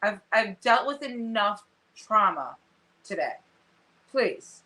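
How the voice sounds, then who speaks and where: A woman's voice: mid-range voice, big pitch swings, slow, bright, forceful tone, poor audio. A woman co-hosting a casual podcast who answers with short, blunt, dry remarks. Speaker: podcast co-host. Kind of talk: casual chat.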